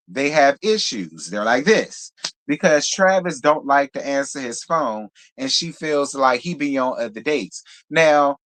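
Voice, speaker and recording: A man with a mid-range voice hosts a live review of a reality TV show. His commentary is casual, sassy and blunt, peppered with animated, profane asides.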